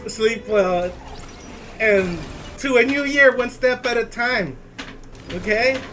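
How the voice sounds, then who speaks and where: A man's voice: very high voice, takes it slowly, a bit bright, soft background music. A man live-streaming casually while walking and gaming, playful and teasing, laughing often and slipping into Spanish phrases.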